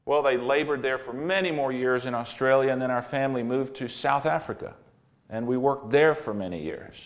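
A man's voice: mid-range voice, fairly quick. Earnest male preacher telling a story. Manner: earnest storytelling, emphatic repetition. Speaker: pastor. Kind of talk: sermon with personal story.

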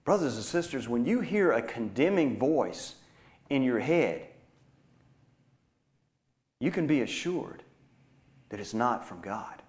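An earnest male preacher delivering a sermon to his congregation. He pushes some lines with force and lets others sink to a hushed, intimate murmur. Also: medium pitch, big pitch swings, slow, long pauses. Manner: earnest, swings from emphatic to hushed.

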